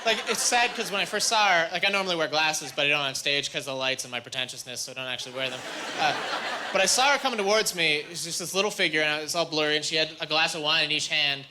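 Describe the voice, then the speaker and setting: A Canadian man performs stand-up on a club stage, speaking fast in a fairly high pitch. He rambles through his stories and acts out the voices of the people in them. The live club recording carries loud crowd noise and audience laughter.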